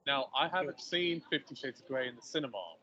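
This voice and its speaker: A man's voice: mid-range voice, animated, a little fast, sharp tone, dull audio, a little hiss or hum. A man co-hosting a casual chat, rambling and hedging as he talks. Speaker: podcast co-host.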